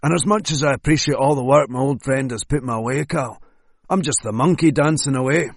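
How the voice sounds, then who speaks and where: A man's voice: medium pitch, a little fast, gravelly, dry recording. A man voicing a wary retired male hitman with a clipped, sardonic way of talking. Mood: guarded. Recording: dry close studio sound.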